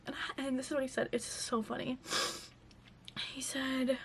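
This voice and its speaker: A woman's voice: high voice, flat delivery, moderate pace, a little hiss or hum. A young woman telling a casual storytime to her vlog audience, chatty and full of fillers. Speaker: vlogger.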